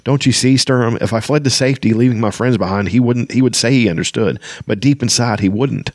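A man reading the lines of an earnest young elven woman in a fantasy novel, softly and sincerely. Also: mid-range voice, brisk, no echo, studio quality, voice pushed up, close to an everyday voice. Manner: soft, earnest.

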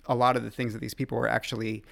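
A man, a magazine writer, as a guest on an interview podcast, telling animated anecdotes with quick laughs. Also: mid-range voice, creaky.

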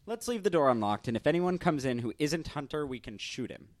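A man's voice: fairly high pitch, sing-song, brisk. A man voicing a grandiose, theatrical young artist who is founding a bar in an audio drama.

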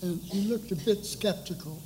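An older man on a discussion panel, telling a story in an unhurried, measured way. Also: sits high, a little mellow, slight background noise, rough recording. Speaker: panelist recalling hiring a colleague. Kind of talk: anecdotal storytelling. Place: panel discussion at an art school.

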